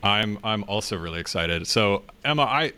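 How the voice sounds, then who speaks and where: A man's voice: on the low side, animated, normal speed, bright, forceful tone. A man hosting a podcast in a casual, playfully teasing way. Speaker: podcast host.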